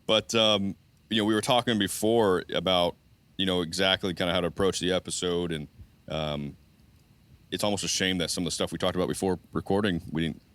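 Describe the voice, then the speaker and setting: A man hosting a podcast interview, friendly and a bit halting as he introduces his guest. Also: low-pitched, steady tone, a bit bright, no room sound. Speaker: podcast host. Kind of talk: casual interview.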